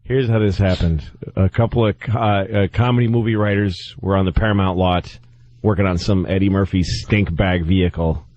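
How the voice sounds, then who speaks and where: A man's voice: low-pitched, steady tone, normal speed, darkish tone, no room sound, muffled recording. A middle-aged man, a comedian on a radio talk show, telling stories in a sarcastic, rambling way. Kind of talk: casual radio chat.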